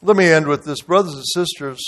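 In church as a guest pastor, a man preaches with dramatic storytelling, shifting from booming outrage to soft tenderness. He speaks a little high and fairly quickly.

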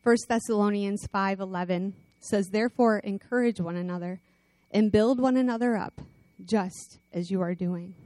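A woman with a mid-range voice preaches at a normal speed, and the recording is dry. She tells animated stories and makes rallying calls to her listeners, then closes in prayer.

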